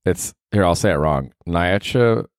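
A man's voice: deep voice, animated, a little fast, dry recording, clean studio sound. A man hosting his own podcast, talking in a rambling, profane, self-mocking comedic monologue. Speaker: podcast host.

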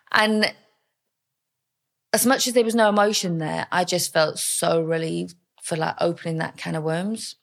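Young woman, low gravelly voice, chatty and frank, lots of likes and you knows. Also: steady tone, normal speed. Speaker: podcast guest, mother. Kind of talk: candid interview storytelling.

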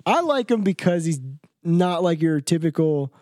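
A man's voice: fairly high pitch, expressive, normal speed, a little mellow, no room sound, studio quality. A man co-hosting a podcast in casual chat, joking and laid-back. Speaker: podcast co-host.

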